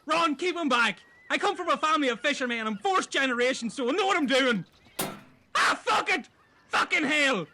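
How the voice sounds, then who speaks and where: A man in improvised comedy role-play, excitable, rambling and crude. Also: extremely high pitch, normal speed, a little hiss or hum. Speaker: castaway fisherman character in comedy improv.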